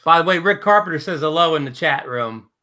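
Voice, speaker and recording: Hesitant co-host man, bright voice. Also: a little high, expressive, brisk. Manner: hesitant, stammering restarts. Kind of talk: casual live show chat.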